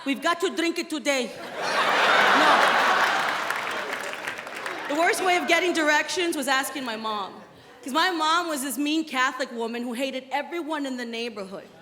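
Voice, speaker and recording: High-voiced woman doing stand-up. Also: moderate pace, pauses often. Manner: blunt, acting out her mother. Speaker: stand-up comedian. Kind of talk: stand-up comedy. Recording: live club, loud crowd, reverb.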